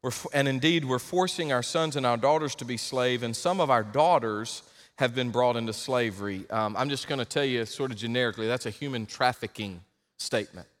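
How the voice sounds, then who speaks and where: A male pastor delivering an emphatic sermon, rising to loud exhortation. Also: mid-range voice, fairly quick, long reverb tail.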